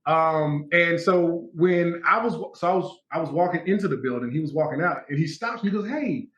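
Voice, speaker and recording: Man, fairly high voice, animated storyteller acting out quotes, roomy echo. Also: brisk, highs cut off. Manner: animated storyteller, acts out quotes, laughs often. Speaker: guest actor. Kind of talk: casual interview chat.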